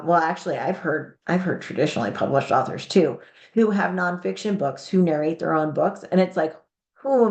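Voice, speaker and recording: Woman host, lowish voice, frank upbeat advice, echoey room. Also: darkish tone. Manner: frank, upbeat, talks through ideas with restarts. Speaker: host giving publishing advice. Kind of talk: live Q&A advice chat.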